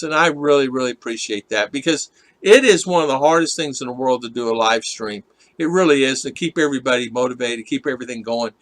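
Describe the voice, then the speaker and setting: A man's voice: on the high side, fairly bright tone, dry recording. A man hosting a casual live stream, rambling and chatting with viewers, laughing often as he reads their comments.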